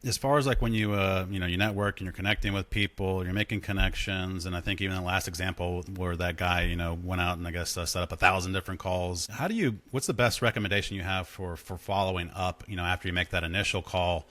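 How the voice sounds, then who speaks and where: A man with a low voice hosts a podcast interview and asks his questions slowly and evenly. His delivery stays flat and measured, with the odd filler word. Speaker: podcast host.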